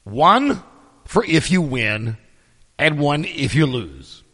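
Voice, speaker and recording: A middle-aged man hosting his podcast, telling stories in a sarcastic, profane, animated casual monologue. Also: on the high side, slow pace, long reverb tail. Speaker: podcast host.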